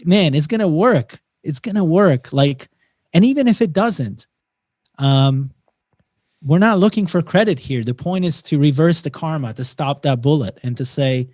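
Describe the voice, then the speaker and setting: A man's voice: fairly high pitch, moderate pace, no echo, studio quality. A man chatting as a podcast guest, telling stories with emphasis and acting out bits of dialogue. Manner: animated storyteller who acts out dialogue and often says "man". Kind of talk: casual conversation.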